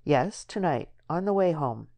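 A woman's voice: low voice, animated, unhurried, warm tone, no echo, heavily acted. A woman voicing an eager young man who coaxes his sweetheart persistently. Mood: coaxing.

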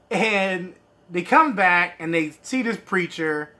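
A man's voice: high voice, lively intonation, slow pace, bright, forceful tone. A man reviewing a movie in a loose, slangy casual chat, laughing often and acting out his own reactions.

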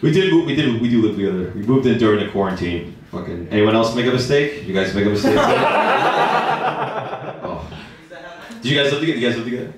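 A young man doing a stand-up comedy set in a club, animated and jumping into high squeaky voices when he quotes women. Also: quick pace, long pauses. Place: comedy club with a live audience. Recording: echoey club from a distance, crowd laughing.

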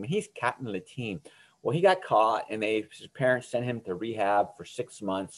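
A middle-aged man talks teenagers through a Bible lesson in an earnest, informal way, stumbling and restarting as he goes. His voice sits at an ordinary middle pitch, and he keeps checking in with the listeners. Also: a little mellow. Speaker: youth ministry teacher. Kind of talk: recorded Bible lesson for teens.

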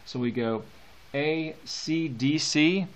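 A man teaching a poetry lesson, talking in a halting way with many fillers and restarts. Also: on the high side. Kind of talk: poetry lecture.

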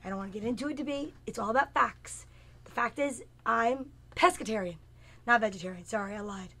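Her voice is a little high, bright and forceful, and she speaks a bit fast. She's a comedian in her fifties running her own show, bantering with viewers by name in a rambling, playful, self-deprecating live chat.

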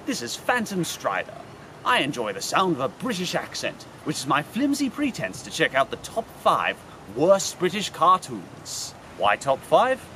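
A man hosting a comedic cartoon review with a sarcastic, animated delivery. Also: on the high side, moderate pace, slight background noise. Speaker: host.

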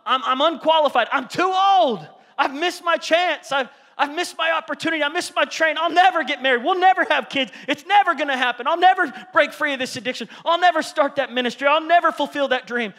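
A man's voice: very high-pitched, fairly quick, hardly any pauses, pushed and bright, in a large hall, voice pushed up, full character voice. A man doing a whiny excuse-maker. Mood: whining. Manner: whiny, self-pitying. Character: anxious, whining adult making excuses.

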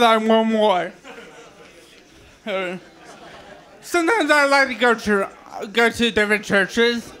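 High-voiced man with a speech impediment. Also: pushed and bright. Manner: self-deprecating, joking with the crowd. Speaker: open mic stand-up comedian. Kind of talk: stand-up comedy set. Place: bar stage with live audience.

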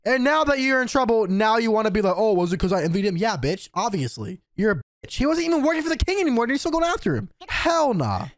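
A man hosting an anime reaction, talking casually and excitably, swearing and yelling at the screen. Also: extremely high pitch, fast, hardly any pauses, dry recording. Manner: excitable, profane, yells at the screen.

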